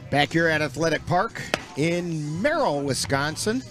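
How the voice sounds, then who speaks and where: A man's voice: a little slow, over music. Man calling baseball play-by-play. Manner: relaxed, folksy asides between pitches. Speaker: play-by-play announcer.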